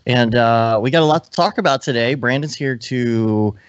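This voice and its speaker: A man co-hosting a casual live podcast, talking in a relaxed, rambling way that often stops and restarts. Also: medium pitch, normal speed, smooth, no echo. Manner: relaxed, rambling, self-interrupting. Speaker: podcast co-host. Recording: dry, dull lo-fi online call audio.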